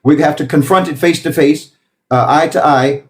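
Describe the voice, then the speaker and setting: A man's voice: fairly high pitch, steady tone, normal speed. A man giving an impassioned political talk, emphatic and lecturing, piling up repeated phrases. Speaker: political commentator.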